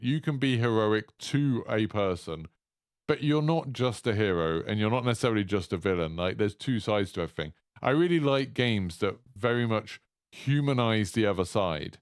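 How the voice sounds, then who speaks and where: A young man hosting a solo gaming podcast, talking in animated, opinionated rambles full of "like" and restarts. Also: medium pitch, no echo, clean studio sound. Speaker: podcast host.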